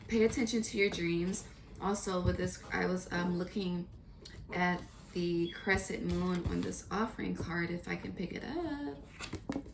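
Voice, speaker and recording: A woman giving a casual, earnest tarot reading, chatty and pausing often to pray or gather her thoughts. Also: fairly low pitch, vocal fry, background noise. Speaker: tarot reader.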